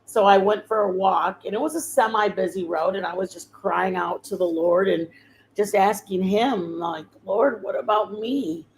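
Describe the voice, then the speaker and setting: A woman's voice: medium pitch, steady tone, normal speed, a little hiss or hum, poor audio. A woman hosting her channel, telling a personal testimony in a rambling, heartfelt way with many fillers and restarts. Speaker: channel host sharing a testimony. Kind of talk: emotional personal storytelling.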